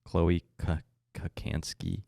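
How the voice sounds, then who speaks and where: A man's voice: sits low, flat delivery, takes it slowly, gravelly, warm tone, no echo, clean studio sound. A young man co-hosting a casual podcast, enthusiastic and swearing freely. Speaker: podcast co-host. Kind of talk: casual chat.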